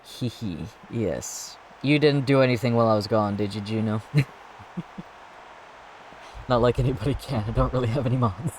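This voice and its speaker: A man's voice: mid-range voice, moderate pace, pauses often, a little hiss or hum. A man streaming a video game, chatting casually and giggling as he works through his plans aloud. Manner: giggly, thinks aloud with restarts. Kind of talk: casual gameplay commentary.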